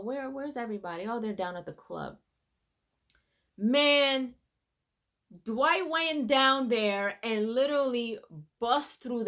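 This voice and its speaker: A woman giving a casual, animated recap of a TV episode, quoting the characters as she retells it. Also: medium pitch. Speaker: reviewer.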